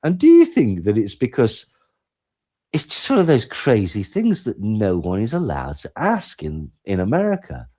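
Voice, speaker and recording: A man co-hosting a podcast, talking in animated, sarcastic commentary that swings between loud and quiet. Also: on the low side, normal speed. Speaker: podcast co-host. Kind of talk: casual commentary chat.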